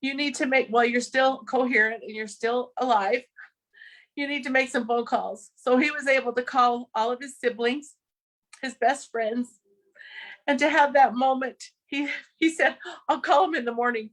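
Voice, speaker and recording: Woman, podcast guest, higher pitch, earnest, emotional storytelling. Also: moderate pace, a bit bright. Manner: emotional, earnest, laughs through grief. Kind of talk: personal storytelling.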